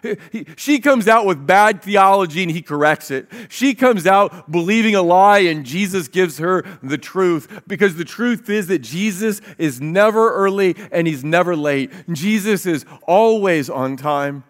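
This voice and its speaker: High-voiced man preaching a sermon. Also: animated, unhurried. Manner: earnest preaching, reads scripture aloud, repeats words as he restarts. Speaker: pastor.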